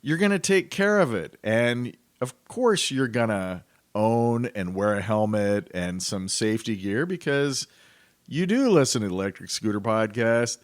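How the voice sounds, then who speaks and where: A man hosting a podcast, ranting in a casual, animated and incredulous way, his pitch jumping up as he gets worked up. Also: a little slow, no echo. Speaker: podcast host.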